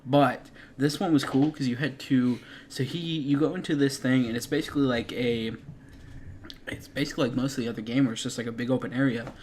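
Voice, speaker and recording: Excitable young man in a garage, faint hiss. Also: mid-range voice, fairly quick. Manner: enthusiastic, laughs easily. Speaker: co-host. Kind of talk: casual gaming chat.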